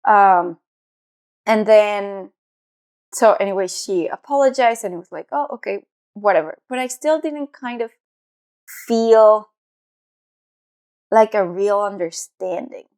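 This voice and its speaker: A woman's voice: mid-range voice, slow pace, pauses often, a little mellow, smooth. Young woman podcast cohost, rambly, lots of likes and ums, just chatting. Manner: rambling, hesitant, many fillers. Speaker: podcast co-host. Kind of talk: casual chat.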